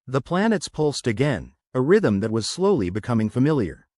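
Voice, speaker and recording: Guy narrating a sci-fi story, lively voice, dry close mic. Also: medium pitch, moderate pace, no echo. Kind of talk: scripted narration.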